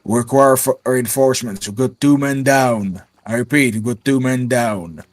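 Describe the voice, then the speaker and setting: A man voicing a grizzled male sergeant giving a clipped military radio report in a gruff voice. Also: mid-range voice, normal speed, no echo, lightly acted. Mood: grim report. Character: grizzled male soldier, sergeant under fire.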